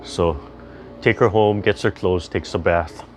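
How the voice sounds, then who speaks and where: An older man leading a tai chi class over a video call, chatty and gentle as he rambles through stories and calm instructions. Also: low voice, a little slow, a little hiss or hum.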